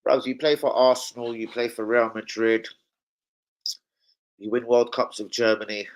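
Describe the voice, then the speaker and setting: A man's voice: mid-range voice, normal speed, rough recording. A young man ranting casually about football as a fan channel host, swearing a lot and slipping into impressions of people. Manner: animated, sweary, slangy, mimics people.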